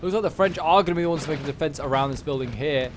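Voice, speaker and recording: A man's voice: a little high, rapid-fire, background noise. A man giving chatty play-by-play commentary on a strategy game battle, with wry asides. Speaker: gameplay commentator.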